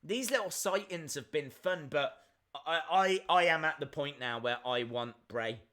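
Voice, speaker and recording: Man, live reaction host, bright forward tone, slightly high voice, chatty. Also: measured pace. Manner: chatty, reads viewer questions aloud and answers them.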